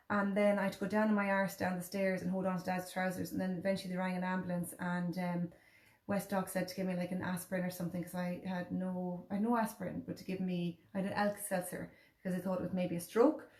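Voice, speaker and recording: An Irish woman in her thirties tells a personal story in a casual chat. She acts out other people's words as she goes. Her voice sits at a middle pitch and carries a roomy echo. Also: level tone, fairly quick, a little mellow. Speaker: host.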